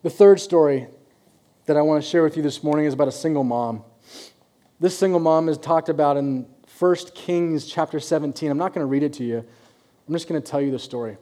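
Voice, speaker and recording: A male pastor delivers a sermon in a loose, conversational way, slipping into the voices of the people in his stories. His voice sits a little high and sounds mellow. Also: fairly quick. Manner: conversational, acts out quoted voices.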